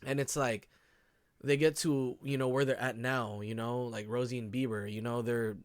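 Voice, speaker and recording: A man's voice: medium pitch, fairly even intonation, normal speed. A man hosting a reaction video, talking casually with lots of slang, emotional and sympathetic. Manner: slangy, says bro and dog a lot, emotional.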